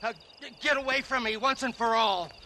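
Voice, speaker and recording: An actor playing a frightened captive who stammers and shouts defiantly in a video game cutscene. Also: male voice, very high voice, moderate pace, slight background noise, exaggerated voice. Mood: panicked. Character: terrified captive man being tortured.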